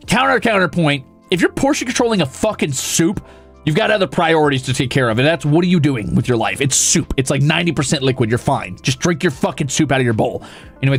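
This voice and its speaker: Gravelly ranting young man streamer. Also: medium pitch. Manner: ranting, profane, mock-exasperated. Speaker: streamer host. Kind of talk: casual chat reading viewer messages.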